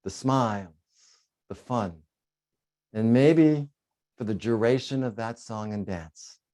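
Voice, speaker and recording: A man's voice: medium pitch, slow. A middle-aged man giving a humorous keynote speech to an online audience, telling stories with bursts of singing and laughter. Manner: animated storyteller, bursts into sung "oh yeah" and laughs. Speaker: keynote speaker.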